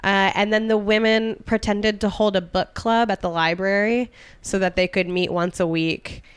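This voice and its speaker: A young woman recounts history on a comedy podcast, breezy and joking as she tells the tale. Her voice is smooth and clear, recorded close and dry with no room sound. She keeps it conversational, tossing in asides. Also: medium pitch, steady tone, moderate pace, no room sound. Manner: storytelling with jokes and asides. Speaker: podcast co-host. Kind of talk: casual comedic history chat.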